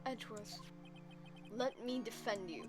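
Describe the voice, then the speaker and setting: A woman's voice: on the high side, measured pace, music in the background, lightly acted. A woman reading the lines of an earnest, easily flustered young male defense attorney.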